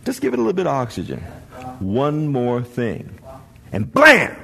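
A male pastor preaching a sermon to a congregation, building to shouts and trading call-and-response with the listeners. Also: mid-range voice, huge pitch swings, normal speed, creaky, faint music behind. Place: church before a congregation.

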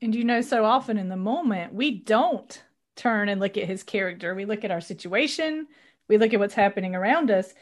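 A woman co-host of a faith podcast speaks in a reflective, conversational way. She answers her partner's story by drawing on scripture. Her pitch is medium. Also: expressive, brisk. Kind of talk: casual faith podcast talk.

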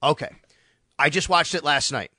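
Sports radio talker, male, crisp bright tone, animated storyteller, close dry mic. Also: a little high, normal speed, no echo. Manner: animated, storytelling with quoted asides. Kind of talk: casual sports radio chat.

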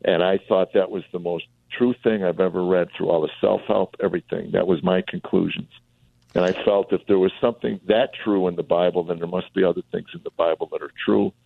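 Speaking a little fast in a low, steady, creaky voice, the same middle-aged comedian recounts his life as a radio talk show guest. The recording is dry, coming through a tinny phone line, and he performs the voices of those he quotes.

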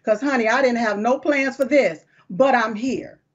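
A woman hosts a political talk show with a fiery, folksy, emphatic delivery. Her voice sits on the high side. The recording sounds dull and muffled. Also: moderate pace.

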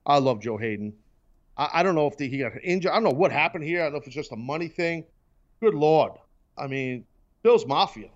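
Host guy fake-yelling at his producer, kinda high voice, dull lo-fi sound. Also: expressive, a little fast. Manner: mock-angry ranting, teasing banter. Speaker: talk show host. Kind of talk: casual sports and wrestling chat.

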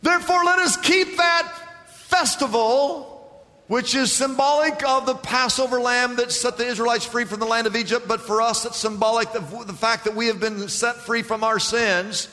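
Bright high voiced preacher guy, swings up and down a lot, echoey church hall. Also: flat delivery, normal speed, hardly any pauses. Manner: emphatic preacher, call-and-response, stretches key words. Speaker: pastor. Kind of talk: sermon. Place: church sanctuary.

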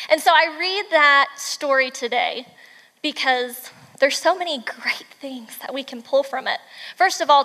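A woman with a high voice gives a devotional talk, animated and emphatic as she tells the story. A long reverb trails her words. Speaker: mother and devotional speaker. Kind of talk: devotional talk retelling a children's book.

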